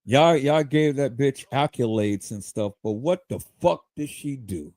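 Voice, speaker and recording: Male livestream host with a lively, swinging delivery and a dry sound. He rants with heat and profanity, repeating words when he gets going. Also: mid-range voice, unhurried, no room sound. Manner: profane, heated, stammering repeats. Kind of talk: livestream rant.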